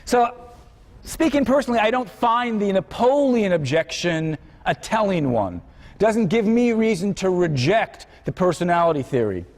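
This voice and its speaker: A male philosophy lecturer talks to a class in a high, lively voice that rises and dips with every point. He thinks aloud and keeps turning questions back to the students. The sound carries a long reverb from the lecture hall. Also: moderate pace.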